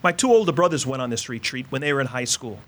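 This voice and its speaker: A man's voice: mid-range voice, lively intonation, fast talker, fairly bright tone. A Catholic priest in his fifties giving a sermon in a casual, conversational storytelling way, full of fillers and asides. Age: 50s.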